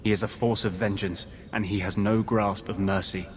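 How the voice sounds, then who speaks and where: A man's voice: fairly low pitch, level tone, normal speed, slight background noise, close to an everyday voice. An actor voicing a brooding male mage haunted by a vengeful spirit, speaking in a grave, intense, earnest way in video game dialogue. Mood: grim.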